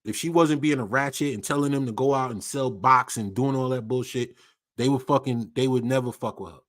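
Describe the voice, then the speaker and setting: A livestream host rants in casual slang, animated and profane, swearing heavily and repeating himself. His voice is mid-range and he talks a little fast.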